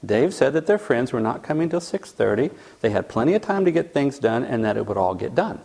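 Lively storytelling male lecturer. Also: mid-range voice, a little fast, gravelly. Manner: tells a case story, then asks the audience questions. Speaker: teacher.

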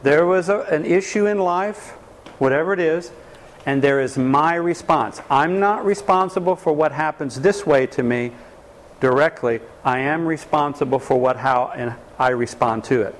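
A man lectures a live class. He speaks with animated emphasis and rhetorical questions, in a fairly high voice. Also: moderate pace, low-quality recording. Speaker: relationship class teacher.

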